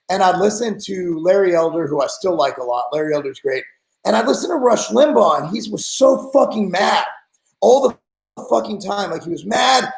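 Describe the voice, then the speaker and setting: A man's voice: sits high, vocal fry, reverberant, poor audio. A man in his forties hosting a podcast, ranting bluntly and with exasperation in casual talk. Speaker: podcast host.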